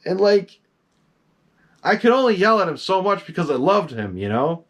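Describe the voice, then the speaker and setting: A middle-aged man, a collector, telling a long story about his masks in casual, excitable talk. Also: high-pitched, a little slow, pauses often. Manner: animated, excitable, swears casually.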